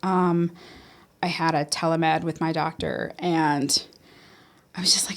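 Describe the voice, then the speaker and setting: A woman as a podcast guest, candidly recounting a personal story in a halting way, with many restarts and quoted self-talk. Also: lowish voice.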